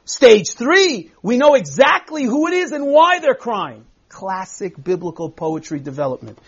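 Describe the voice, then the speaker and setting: Man, high voice, Bible teacher, emphatic, reads verses aloud, muffled lo-fi recording. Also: very animated, unhurried, vocal fry, hardly any pauses, fairly bright tone, husky. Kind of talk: classroom text study.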